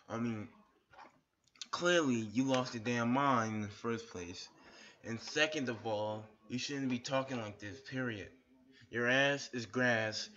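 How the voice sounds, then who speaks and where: A mid-range, slightly bright male voice comes through dull lo-fi webcam sound as a shirtless man rants furiously at a fellow YouTuber. He's profane and repetitive, hurling insult after insult.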